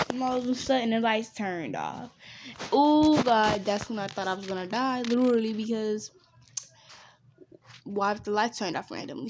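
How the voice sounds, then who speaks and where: A woman's voice: medium pitch, background noise. Rambling woman telling a story time. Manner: rambling, chatty storytelling with game asides. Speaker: gaming storyteller. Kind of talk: casual story time while playing a game.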